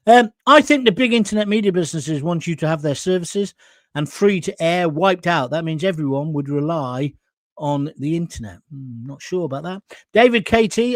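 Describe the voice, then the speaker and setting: The older male host of a live opinion show reads viewer comments and delivers indignant, sarcastic rants. His voice is a little high and sing-song at a moderate pace, recorded cleanly in a studio without room sound.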